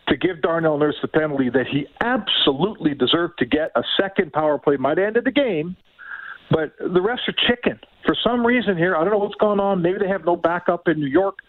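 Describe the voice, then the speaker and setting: A man's voice: on the high side, dry recording. Indignant man on a tinny phone-like line. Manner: emphatic, indignant, repeats for emphasis. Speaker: sports radio co-host. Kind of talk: heated hockey talk.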